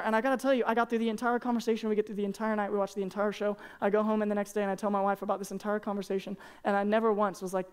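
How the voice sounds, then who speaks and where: A young man preaching a casual, earnest sermon to high school students, peppering his talk with "man" and "like". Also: little pitch movement, very fast, few pauses, clean tone. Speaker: youth pastor. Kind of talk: youth sermon.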